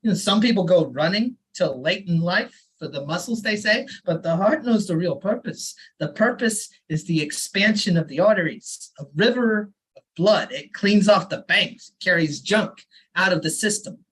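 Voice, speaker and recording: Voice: medium pitch, animated, normal speed, fairly bright tone, husky, poor audio. A performer voicing an elderly immigrant father who lectures earnestly, reading a story aloud at an open mic. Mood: insistent. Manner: fussy, insistent advice-giving.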